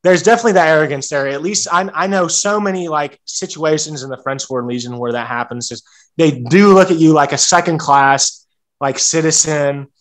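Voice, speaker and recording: A man's voice: a little high, brisk, a bit bright. A young American man on a podcast, casually rambling with frequent restarts and "like" fillers. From United States. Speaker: guest, serving legionnaire.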